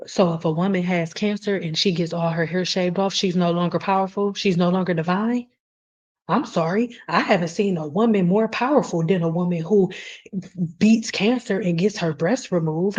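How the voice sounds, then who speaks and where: Passionate, low-voiced woman, blunt and profane, hosting a live stream over muffled audio. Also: darkish tone. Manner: blunt, passionate, swears freely. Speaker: hair care host answering live chat. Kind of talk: casual live stream chat.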